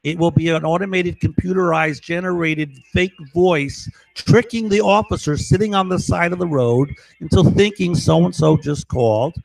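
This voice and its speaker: A man's voice: sits high, creaky, no room sound, poor audio. A man talking urgently and emphatically in a rambling monologue to camera, repeating his points. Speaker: vlogger.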